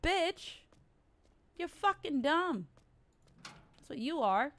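A woman's voice: high voice, sing-song, slow pace, long pauses, slight background noise. Panicky, swearing woman streamer. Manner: panicky, profane, screams in fear. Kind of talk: horror game playthrough commentary.

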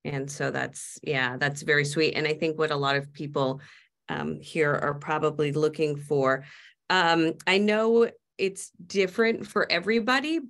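A woman's voice: low-pitched, steady tone, a little slow, a bit bright. A woman hosting a webinar, moderating questions and comments in a hesitant, filler-heavy way. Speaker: webinar host.

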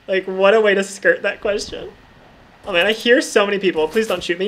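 A woman's voice: medium pitch, fairly quick. Chatty woman gaming vlogger, swearing freely. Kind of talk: casual commentary over gameplay.

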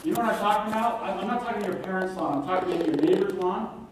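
A man in his thirties gives a humorous talk and acts out the people in his stories. His voice is fairly high and carries into a very reverberant hall. He is heard from well back from the mic, with faint room noise underneath. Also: fast talker. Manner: self-deprecating, animated, acts out quoted voices. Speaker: guest speaker. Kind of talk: humorous lecture storytelling. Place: lecture hall. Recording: very echoey hall, far from mic.

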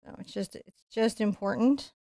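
A woman teaching a live-streamed painting lesson, chatty and playful, going quiet while she concentrates. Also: mid-range voice, moderate pace, dry recording, studio quality. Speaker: painting instructor.

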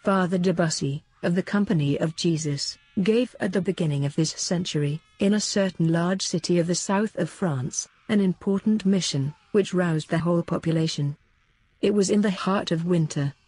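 Woman narrator, formal audiobook read, husky, dark tone. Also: lowish voice, moderate pace, no room sound. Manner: steady, formal reading. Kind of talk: scripted narration.

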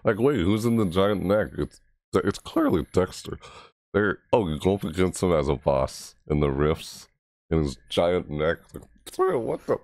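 A man hosting a casual reaction video, rambling excitedly about a game trailer. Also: a little slow, no echo. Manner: excitable, rambling, mimics game voices in high yelps.

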